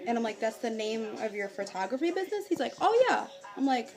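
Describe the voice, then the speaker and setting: A woman's voice: on the high side, animated, quick pace, over music. A young woman telling a story in a casual vlog, swearing freely and acting out both sides of a chat with exasperation. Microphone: phone or webcam.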